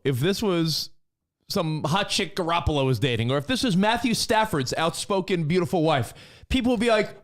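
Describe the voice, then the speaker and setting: Animated ranting male sports show host. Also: on the high side. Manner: animated ranting, profane, shouts for emphasis. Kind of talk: casual sports talk show banter.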